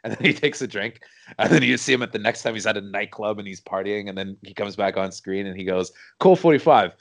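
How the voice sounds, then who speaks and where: A man's voice: on the low side, flat delivery, fast, vocal fry, fairly bright tone, no echo. A man co-hosting a casual chat, rambling through stories in a chatty way. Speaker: podcast co-host.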